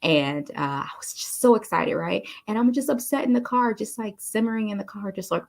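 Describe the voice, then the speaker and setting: A woman telling a story to encourage listeners, animated and chatty, often calling them "you all.". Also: medium pitch, a little fast, creaky, hardly any pauses. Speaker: motivational speaker. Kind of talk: casual motivational storytelling.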